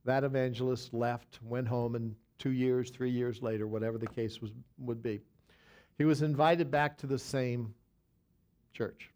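A man's voice: mid-range voice, steady tone, unhurried, a little mellow, smooth. A man, a pastor, teaching a Bible study in a conversational, folksy way, telling an illustration with frequent restarts and dry asides.

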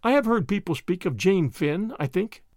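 A frightened young French maid, as a male narrator puts her on, speaking soft, broken English in a lifted, lilting voice. Her French accent is plain, and she sounds hesitant and timid. The recording is dry and close, with no room sound. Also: high-pitched, expressive, normal speed, no echo. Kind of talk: audiobook character voice.

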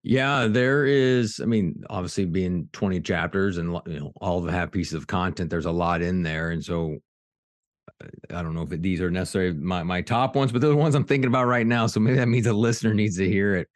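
Middle-aged male podcast guest, low voice, fired-up and earnest, dry close mic. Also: fairly quick, no room sound. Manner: energetic, earnest, many restarts. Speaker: executive coach and author, guest. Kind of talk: podcast interview storytelling.

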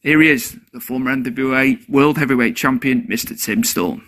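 A man's voice: medium pitch, moderate pace, fairly bright tone. A man hosting a podcast, introducing a guest with effusive praise. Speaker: podcast host. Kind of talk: introducing guests and asking questions.

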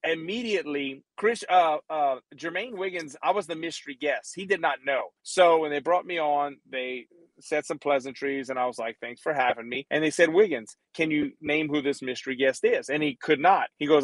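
A man's voice: a little high, moderate pace, dry recording, rough recording. A man in his forties co-hosting a casual chat, telling stories, laughing easily and often restarting with stammers. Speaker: podcast co-host, former football player.

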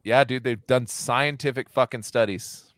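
A man in his thirties in casual podcast chat, animated and laughing, swearing freely. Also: medium pitch, normal speed, dry recording.

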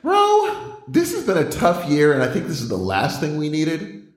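A man's voice: on the high side, big pitch swings, moderate pace, echoey room, poor audio. A man co-hosting a podcast, talking animatedly and laughing as he gives his movie picks. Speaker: podcast co-host. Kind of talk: casual movie-awards chat.

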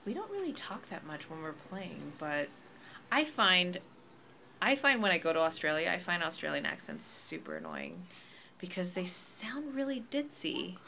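A woman's voice: lowish voice, wildly swooping pitch, moderate pace, vocal fry, bright, forceful tone, slight background noise. A woman chatting casually on a podcast, blunt and playful, often laughing.

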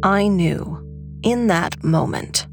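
A woman acting in a comedy sketch, delivering mock-serious noir detective narration in a deadpan way. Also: on the low side, slow, vocal fry, soft background music.

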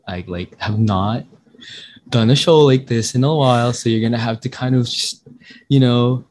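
A man's voice: mid-range voice, moderate pace, a little mellow. A young man hosting a casual podcast, rambling, joking at his own expense and swearing freely. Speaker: podcast host.

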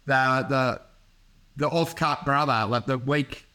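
A man's voice: mid-range voice, slow, sharp tone, clear, resonant tone. A man, co-hosting a podcast with rambling, crude banter and acted-out voices. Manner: rambling, crude, acts out voices while laughing. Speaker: podcast co-host.

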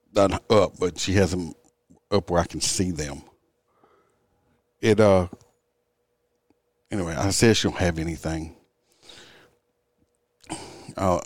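A man's voice: sits low, darkish tone, no echo. An older man, a police officer, telling a traffic stop story in a blunt, profane, rambling way, tired and yawning. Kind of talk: casual storytelling.

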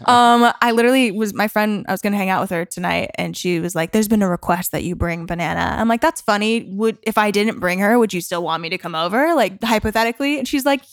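A woman's voice: medium pitch, no echo, studio quality. A young woman, a songwriter guest, chatting casually and laughing often on a podcast. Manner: bubbly, giggly, quick to laugh.

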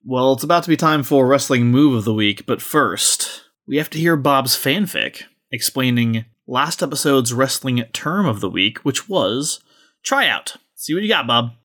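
A man's voice: mid-range voice, lively intonation, unhurried, a bit bright. A man co-hosting a podcast in casual chat, joking and introducing segments. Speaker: podcast co-host.

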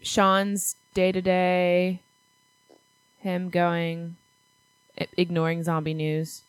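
A woman's voice: fairly low pitch, monotone, drawn-out words, clear, resonant tone, dry recording. Blunt, foul-mouthed woman, dry sound. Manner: blunt, swears freely. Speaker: podcast co-host. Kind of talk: casual movie review chat.

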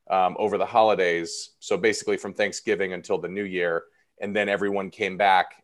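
A man in his thirties, an actor guest talking casually and a bit self-deprecatingly in an interview. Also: deep voice. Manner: chatty and self-deprecating, many fillers.

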